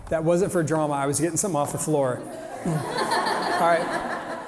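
A man giving an energetic, joking motivational talk on faith and work, firing off rhetorical questions to a live audience. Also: fairly high pitch, normal speed, a faint crowd, a little hiss or hum. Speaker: speaker at a young professionals' faith event. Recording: live talk in a reverberant hall.

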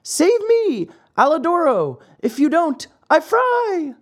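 A frightened little wooden puppet boy , as a man reads him aloud, pitched far up and pleading. His voice trembles, climbing and dipping with fright through a storybook reading. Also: wildly swooping pitch, slow pace, exaggerated voice. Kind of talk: audiobook character voice.

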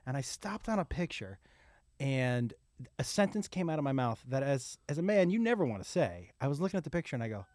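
A middle-aged man, a comedian, telling crude family stories in quick, animated casual chat. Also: mid-range voice, no echo, clean studio sound. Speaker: comedian and podcast host.

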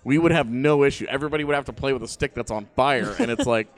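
Deadpan joking man on a sports podcast. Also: medium pitch, quick pace. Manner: dry, joking, deadpan asides. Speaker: podcast co-host. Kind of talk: casual sports chat.

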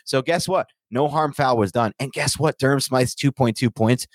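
A man co-hosting a podcast, talking in casual banter that is emphatic and animated, with defensive rants. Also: mid-range voice, normal speed, no echo. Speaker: podcast co-host.

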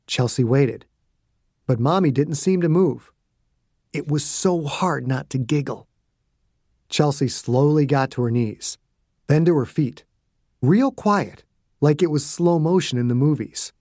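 A man who is the author, narrating his audiobook in a hushed, suspenseful way. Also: a little high, dry recording, studio quality.

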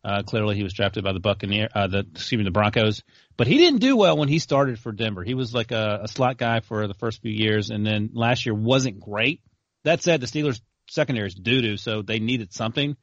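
Low voice dude rambling about football, dry muffled sound. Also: male voice, brisk, no room sound. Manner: chatty, self-correcting. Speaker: sports podcast co-host. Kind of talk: casual sports talk.

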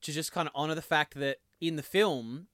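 A man with an Australian accent co-hosting a casual podcast chat, telling stories in an animated way and laughing often. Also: on the high side, a little fast, no echo, clean studio sound. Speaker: podcast co-host.

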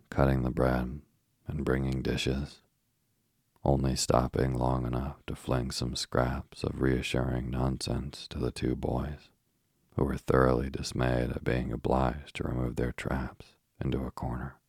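A man narrating a bedtime story in a soft, even, unhurried sleep-story reading. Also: extremely low pitch, vocal fry, breathy edge, no room sound, studio quality.

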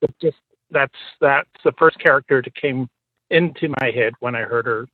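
A man calls in to a talk radio show and speaks in a hesitant, halting way. His voice is mid-pitched and dry. The call comes through a thin, tinny phone line. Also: no echo. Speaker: caller. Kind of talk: phone-in chat.

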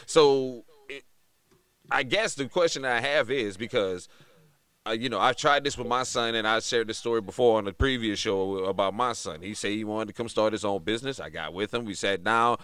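A middle-aged man telling a story on a podcast in a casual, animated way, slipping into other voices to act out quotes. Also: lowish voice, moderate pace, clear, resonant tone, no room sound. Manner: animated, mimics voices in quotes, laughs often. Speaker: podcast co-host.

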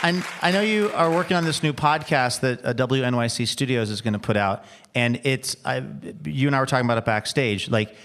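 A man hosting a show, asking easygoing, slightly halting questions in a casual onstage interview. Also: mid-range voice, a bit bright, a faint crowd, slight background noise. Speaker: radio show host.

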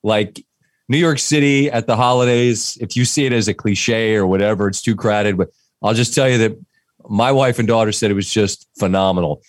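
A man co-hosting a casual sports podcast, telling a family anecdote in a relaxed way. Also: lowish voice, moderate pace, dry recording, studio quality. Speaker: podcast co-host.

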